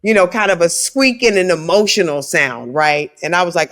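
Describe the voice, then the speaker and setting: A woman's voice: fairly low pitch, normal speed, hardly any pauses, soft background music. A woman with a big, scratchy voice, talking animatedly as a guest in a casual interview. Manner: animated, conversational, frequent "right?" asides. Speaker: guest singer. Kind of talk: casual storytelling chat.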